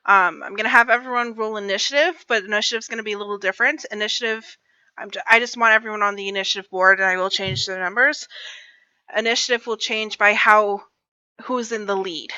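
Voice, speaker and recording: A woman narrating as game master in a casual online tabletop session, with quick asides while she runs things. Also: mid-range voice, steady tone, pushed and bright, clear, resonant tone, no echo, highs cut off.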